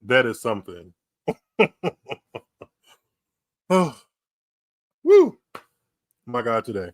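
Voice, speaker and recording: Slow, laughing American podcast host. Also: male voice, mid-range voice, dry recording, studio quality. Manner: laughing often, animated reactions, slow drawn-out delivery. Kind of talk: casual live-stream commentary. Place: small room at home, streaming.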